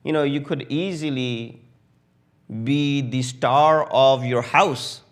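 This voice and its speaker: A man preaching a sermon in English with a South Asian accent, telling a story with acted quotes that swell loud at the peaks. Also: mid-range voice, slow pace. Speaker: Shia preacher. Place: mosque hall.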